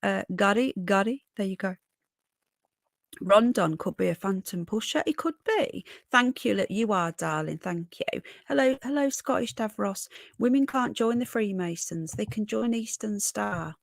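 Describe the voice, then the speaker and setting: A woman's voice: mid-range voice, animated, measured pace, vocal fry, no room sound, studio quality. A woman hosting a casual livestream, chatting with viewers and thanking them by name. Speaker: livestream host.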